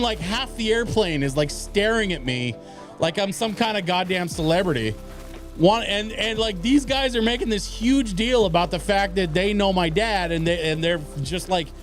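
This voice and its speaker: A man streaming a game, telling a long casual story in a rambling way, full of fillers and restarts. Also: on the high side. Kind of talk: casual storytelling while gaming.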